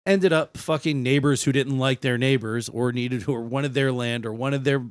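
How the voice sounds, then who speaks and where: A man's voice: mid-range voice, steady tone, moderate pace, smooth, no echo. A man co-hosting a podcast, casually explaining history and swearing a lot. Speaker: podcast co-host.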